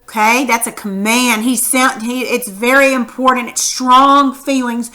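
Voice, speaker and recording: Bright-voiced woman teaching young children. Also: on the high side, flat delivery, measured pace, hardly any pauses. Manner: patient and encouraging, exaggerating sentences for emphasis. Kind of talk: children's punctuation lesson.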